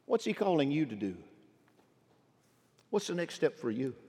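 Middle-aged pastor guy preaching, kinda high voice, big echoey church hall. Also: sing-song, normal speed, slightly rough. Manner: preaching with rising emphatic calls and quiet drops. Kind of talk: sermon. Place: large church sanctuary. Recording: long hall reverb.

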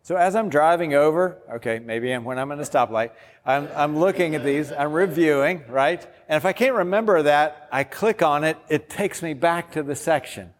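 In a fairly high voice at a moderate pace, a pastor demonstrates a discipleship app step by step during an informal, enthusiastic workshop talk. The recording carries long hall reverb.

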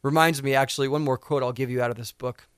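A man giving an impassioned speech to an audience, swinging between loud fervor and hushed intensity. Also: medium pitch, steady tone, fast talker, clean tone, no echo, studio quality. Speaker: speaker addressing an audience.

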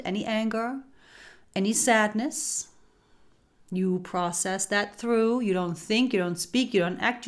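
A woman hosting a spiritual talk. She speaks softly and without hurry, repeats phrases like an incantation and drops into whispers for emphasis. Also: mid-range voice. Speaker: spiritual podcast host. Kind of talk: slow spiritual guidance talk.

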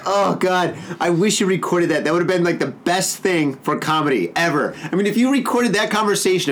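A man with a somewhat high voice banters on a podcast. He teases, doubts his co-host's stories and keeps breaking into laughter. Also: brisk, few pauses, fairly bright tone. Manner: teasing, skeptical, laughs often. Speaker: podcast co-host. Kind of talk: casual banter.

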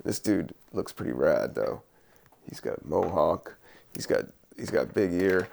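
A man hosting a podcast, rambling in a relaxed, musing way with many fillers while he doodles. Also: sits low, creaky, slight background noise. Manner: laid-back, slow, musing with many fillers and laughs. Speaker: podcast host.

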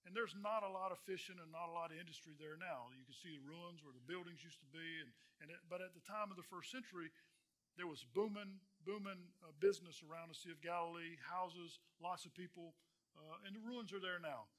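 A male pastor preaching a sermon, earnest, repeating phrases and swelling louder on key points. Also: on the high side, brisk.

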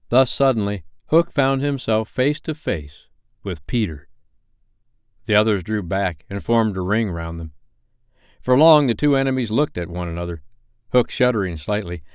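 Lively, expressive male storyteller. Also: on the low side, moderate pace, clean tone, no room sound, studio quality. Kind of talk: audiobook narration.

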